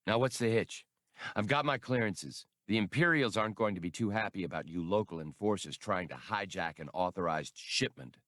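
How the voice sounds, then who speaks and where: A man's voice: lowish voice, normal speed, fairly bright tone, no echo, studio quality, natural voice. A man voicing a cocky male starship captain who speaks in wry, clipped orders.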